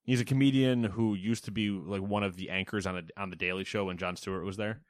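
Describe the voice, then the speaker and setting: Low-voiced joking podcast co-host man. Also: fairly even intonation, fast talker, dry recording, clean studio sound. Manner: joking, laughing, chatty. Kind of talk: casual banter and news rundown.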